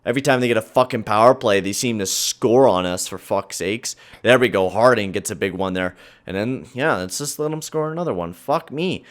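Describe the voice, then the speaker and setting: A young man commentating his own hockey video game, swearing, yelling at the game, then grumbling low. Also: fairly quick, hardly any pauses. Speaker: gaming channel host.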